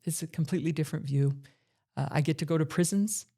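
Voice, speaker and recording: This middle-aged woman hosts a podcast and talks through her life story in an earnest, reflective monologue. Her voice sits low and sounds warm, and she speaks quickly.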